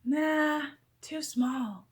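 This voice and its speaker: A woman voicing a brisk female doctor in a read-aloud storybook, with drawn-out sing-song remarks. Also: high-pitched, voice pushed up.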